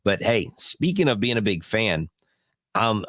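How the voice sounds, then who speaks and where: A man with a low voice co-hosts a casual baseball podcast. He talks in an animated way and often chuckles mid-sentence. The sound is dry and close to the mic. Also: unhurried, no echo. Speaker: podcast co-host. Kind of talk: casual sports podcast chat.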